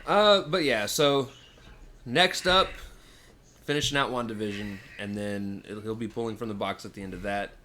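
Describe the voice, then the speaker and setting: Bright-voiced blunt male podcast co-host. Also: on the low side, normal speed. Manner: opinionated, blunt, swears. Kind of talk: casual chat.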